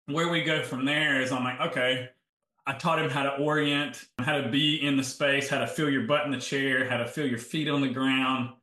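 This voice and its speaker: A man's voice: medium pitch, pushed and bright, roomy sound. A middle-aged man, a health coach telling client stories in a casual interview and acting out both sides of each conversation.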